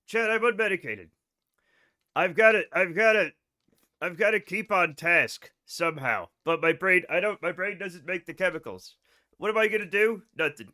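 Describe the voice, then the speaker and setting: Casting: male streamer, high and bright, scattered self-mocking chatter into a desk mic. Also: lively intonation, moderate pace. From United States. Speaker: game streamer. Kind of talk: casual livestream chat.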